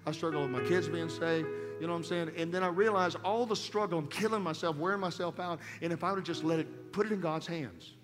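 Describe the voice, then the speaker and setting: A man with a fairly high voice preaches from a church platform, dropping low and quiet and then rising to loud, urgent calls. His voice rings with long hall reverb, and an instrument plays clearly underneath. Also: fast, few pauses, over music. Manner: swings from soft intimate speech to loud urging. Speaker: guest preacher. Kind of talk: sermon with altar call. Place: church sanctuary.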